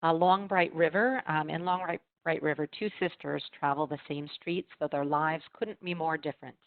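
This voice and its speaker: A woman with a low voice talks through book picks in a relaxed chat, filling pauses with ums and uhs. The sound is dry and tinny, like a video call. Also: no room sound. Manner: reads blurbs with frequent ums and uhs. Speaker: library marketing host. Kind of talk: casual book recommendation chat.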